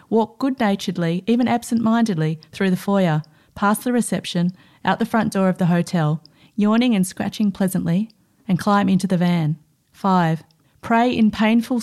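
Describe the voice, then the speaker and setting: A woman presenting a radio documentary, narrating in a measured, scripted way and reading diary excerpts aloud. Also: mid-range voice, dark tone.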